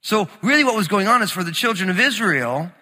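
Animated New pastor preaching in a hall. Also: male voice, high-pitched, fairly quick. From New Jersey. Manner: animated, storytelling, shifts between quiet scripture reading and emphatic teaching. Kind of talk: sermon.

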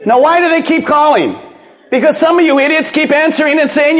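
A man preaching a sermon as pastor, swinging from loud emphasis to hushed, low lines. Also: a little fast, big-room sound. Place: church auditorium.

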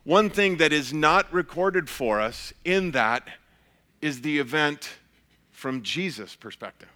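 A pastor giving an earnest, measured sermon, often restarting his phrases. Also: on the high side, animated, bright, forceful tone.

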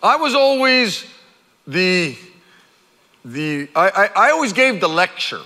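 A middle-aged man preaching a sermon as pastor, conversational and animated, acting out quotes. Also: high-pitched, slow. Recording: long hall reverb.

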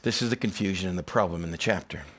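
A man's voice: low voice, fast, fairly bright tone. A man preaching a sermon, building to emphatic repeated phrases and acting out voices in casual asides. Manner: preaches with rising intensity, repetitive emphasis; dramatizes quoted voices in conversational asides. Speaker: pastor.

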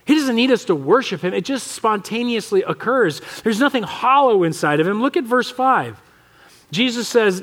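A man with an American accent preaching a conversational, animated sermon as pastor of a church, often acting out the voices he quotes. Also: sits high, normal speed. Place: church sanctuary.

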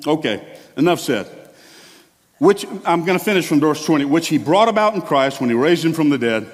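A male pastor delivering a sermon in a church, animated and exclamatory, with chatty asides to the congregation. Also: a little high, moderate pace, a faint crowd. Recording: long hall reverb.

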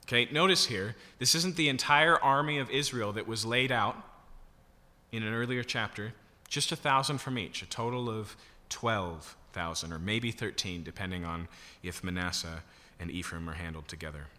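A man's voice: fairly low pitch, moderate pace, bright, forceful tone. A man preaching a sermon, teaching in a conversational way and checking in with rhetorical questions. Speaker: pastor. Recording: reverberant hall.

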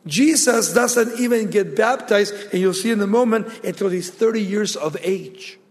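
High-voiced pastor preaching in a reverberant hall. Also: male voice, normal speed. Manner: storytelling, dramatic drops in pitch for God's voice. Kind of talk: sermon.

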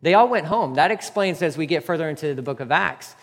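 A man's voice: on the high side, expressive, a little fast, fairly bright tone. A man preaching a conversational, emphatic sermon as a church pastor, with casual asides to the congregation. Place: church sanctuary. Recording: long reverb of a church hall.

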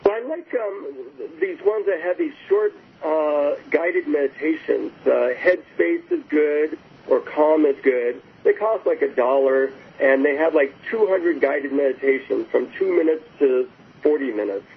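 A man's voice: on the high side, very animated, unhurried, vocal fry, husky. A man guest talking casually and enthusiastically in an interview, telling anecdotes with frequent restarts. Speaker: guest author. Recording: phone-like line with faint hiss.

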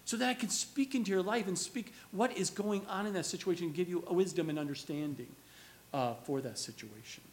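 A man with a high voice preaches a sermon as a pastor. He tells stories in an animated way and chuckles now and then. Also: a little fast.

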